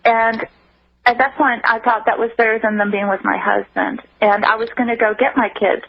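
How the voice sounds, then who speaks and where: A woman guest on a call-in radio show, telling her personal story in an earnest, halting way with many restarts. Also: a little high, flat delivery, gravelly. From United States. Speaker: interview guest. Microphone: telephone. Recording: tinny phone line.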